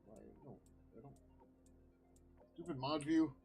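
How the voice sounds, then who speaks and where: A man streaming live as a software developer, rambling casually with lots of ums as he thinks aloud over his work. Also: fairly high pitch, measured pace, soft background music. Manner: rambling, many ums, muttering to himself. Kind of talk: casual thinking-aloud commentary while coding.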